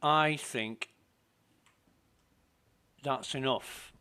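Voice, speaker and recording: A man's voice: medium pitch, bright, forceful tone, smooth. A man giving casual, self-mumbling commentary while playing a space game. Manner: slow, muttering to himself, self-deprecating.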